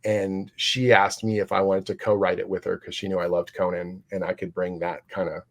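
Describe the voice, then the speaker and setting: Low-voiced man rambling enthusiastically. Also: little pitch movement, moderate pace, gravelly. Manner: rambling, enthusiastic, many fillers and restarts. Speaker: comic book writer, guest. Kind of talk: casual interview storytelling.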